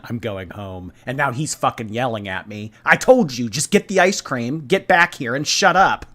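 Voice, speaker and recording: A man doing a mocking impression of a whiny woman streamer, drawn-out and sarcastic. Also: mid-range voice, lively intonation, a bit bright, close to an everyday voice.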